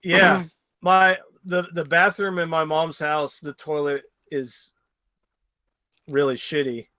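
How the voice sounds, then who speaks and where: A man's voice: on the high side, little pitch movement, slow, pushed and bright, dry recording. A male podcast co-host telling crude stories bluntly in casual chat, swearing freely.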